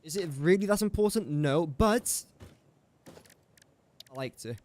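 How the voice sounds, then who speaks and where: Unhurried and expressive, his high-sitting voice carries a darkish tone. The speaker is a young English gaming streamer from England, talking casually on a live stream as he reasons through factory maths in a building game and throws playful remarks to chat.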